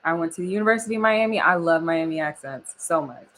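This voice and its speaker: A woman's voice: lowish voice, lively intonation, fast, a bit bright, a little hiss or hum, poor audio. A young woman from Oklahoma chatting casually on a live stream, laughing often and reading the chat aloud. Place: home studio.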